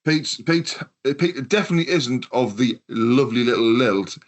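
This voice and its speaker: A man's voice: medium pitch, animated, moderate pace. British man, podcast host, rambling, swears a lot, casual chat.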